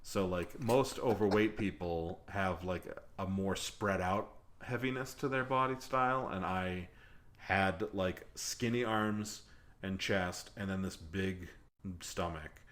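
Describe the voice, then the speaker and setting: A man's voice: sits low, slow pace, fairly bright tone. A man hosting a podcast, talking in a rambling, self-deprecating way with lots of fillers. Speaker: podcast host. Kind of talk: casual chat.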